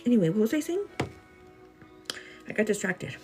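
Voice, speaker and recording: A woman's voice: on the high side, sing-song, normal speed, darkish tone, soft background music. A woman vlogger chatting casually to her viewers during a live get-ready show. She laughs often, leans on "like", and calls the viewer "girl". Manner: laughs often while talking; speaks earnestly about faith and gratitude. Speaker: beauty and lifestyle vlogger.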